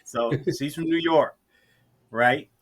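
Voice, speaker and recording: A man's voice: a little high, slow pace, slight background noise. A middle-aged man from Georgia telling his story in a casual interview, talking unhurriedly with frequent restarts. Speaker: interview guest.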